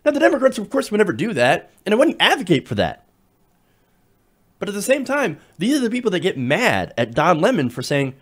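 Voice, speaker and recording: A man delivering a political commentary monologue. His fairly high voice swings widely in pitch as he stresses points and repeats numbers for emphasis. He talks in an emphatic, argumentative way with occasional restarts. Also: wildly swooping pitch, a little fast. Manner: emphatic, repeats key words, some restarts.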